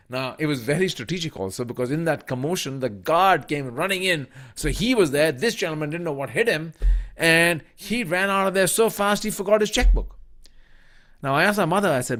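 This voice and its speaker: A middle-aged man from India tells a personal story as a speaker at a business talk, his pitch rising and falling freely. He is animated, acting out the people he quotes and often saying "you know" and "uh". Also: normal speed. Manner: animated storyteller who acts out quoted voices, with many fillers. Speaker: business school professor and author.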